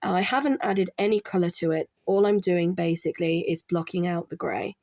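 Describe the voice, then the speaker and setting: A woman's voice: lowish voice, fairly even intonation, moderate pace, a little mellow, no room sound. A middle-aged woman chatting casually while she works on art, rambling with restarts and quoting people she worked with. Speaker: artist and former college art support worker.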